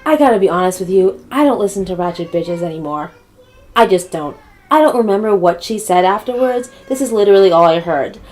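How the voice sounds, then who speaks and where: A woman's voice: medium pitch, a little fast, darkish tone, a little hiss or hum. A woman telling a comedic story to camera in a sassy, blunt, profane way.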